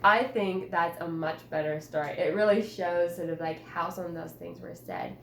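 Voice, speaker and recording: A woman teacher holding a one-on-one writing conference with a student, patient and encouraging, coaxing with gentle questions. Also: lowish voice, fairly even intonation, normal speed, vocal fry, slight background noise. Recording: roomy echo.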